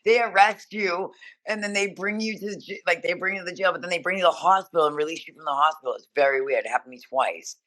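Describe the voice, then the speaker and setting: Bright-voiced woman telling wild stories. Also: fairly low pitch. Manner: animated, profane, rapid-fire storytelling. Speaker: podcast guest. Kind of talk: casual storytelling interview.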